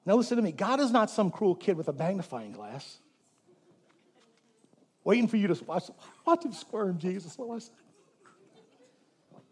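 A pastor with a notably high voice preaches to his church in a lively, joking way. He calls on the congregation to say words back to him. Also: normal speed, long pauses, slightly rough. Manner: animated and jokey, prompting the congregation to repeat words. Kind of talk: sermon.

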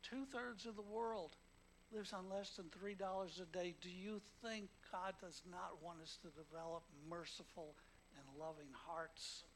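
A man preaching a sermon, telling stories with acted-out quotes and swinging between hushed and loud emphatic delivery. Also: sits high, steady tone, a little slow, slight background noise, poor audio. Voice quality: emotional, emphatic.

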